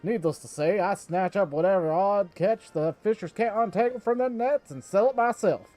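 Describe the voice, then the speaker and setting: A man's voice: sits high, normal speed, dark tone, soft background music, voice pushed up, close to an everyday voice. A man voicing an eccentric, theatrical male fishmonger, reading his lines with grand storyteller flair.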